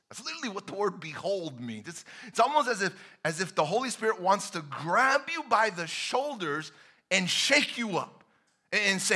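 A man preaches a sermon in a high, lively voice that leaps up and down in pitch. He takes his time, drawing words out slowly, and his tone is bright and ringing. He hammers home key phrases by repeating them, rising to loud emphasis and then dropping almost to a whisper. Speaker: pastor.

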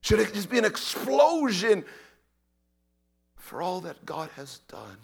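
High-voiced preacher swinging loud to hushed. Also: male voice, big pitch swings, takes it slowly, vocal fry, breathy edge. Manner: dynamic, swinging from shouted pleas to hushed whispers; repeats words and phrases for emphasis. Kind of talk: sermon.

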